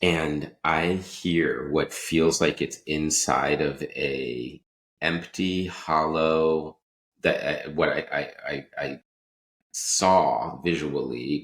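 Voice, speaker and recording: A podcast host with an extremely deep voice, chatting casually and telling a story his own way. He rambles, restarts his sentences and laughs as he goes. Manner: rambling, self-interrupting, laughs mid-sentence.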